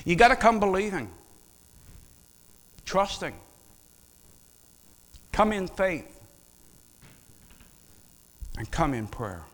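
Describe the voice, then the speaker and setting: A male pastor preaches with a high, bright voice, talking conversationally and putting questions to his listeners. The words ring out with the long reverb of a church sanctuary. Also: slow. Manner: animated, conversational, asks the audience questions. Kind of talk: sermon. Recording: long reverb of a large hall.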